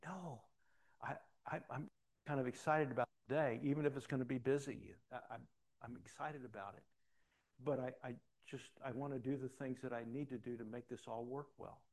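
A man's voice: mid-range voice, a little mellow. An older man, a pastor, preaching a sermon in a conversational storytelling way with frequent restarts.

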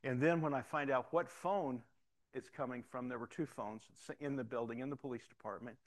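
Speaking at a normal pace in a medium-pitched voice, a pastor who is also a police officer shares a testimony through stories. He's animated, plays out the dialogue himself, and frequently repeats words at the start of sentences.

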